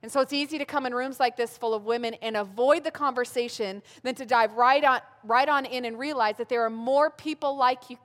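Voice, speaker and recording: A woman's voice: a little high, brisk, hardly any pauses, a bit bright. A woman, preaching a sermon in a humorous, self-mocking storytelling way. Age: 30s. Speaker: pastor speaking at a women's gathering. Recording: long hall reverb.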